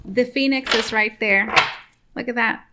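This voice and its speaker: A woman's voice: on the high side, a little slow, very noisy. A woman giving a casual tarot reading to camera, chatty and repetitive, talking straight to her viewers from home. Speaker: tarot reader.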